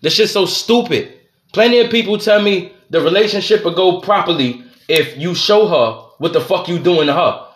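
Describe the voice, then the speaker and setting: A man's voice: sits high, normal speed, fairly bright tone. A young man, venting alone on his podcast in a heated, profane, exasperated rant. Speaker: podcast host. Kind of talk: solo ranting monologue. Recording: roomy echo.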